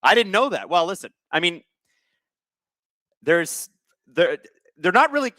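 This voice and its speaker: A young man chats casually through a live watch-along stream, reading viewer comments aloud and cracking jokes. His voice sounds bright and forceful, with a fairly high pitch that swings widely. The sound is dry and close. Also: very animated, unhurried, dry recording. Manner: chatty, reads viewer comments aloud, joking. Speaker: livestream host.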